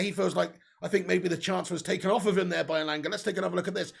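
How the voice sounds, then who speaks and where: Gravelly, excitable football watch-along host. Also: male voice, high-pitched, fast talker, hardly any pauses. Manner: excitable, casual, swears, reads out viewer messages.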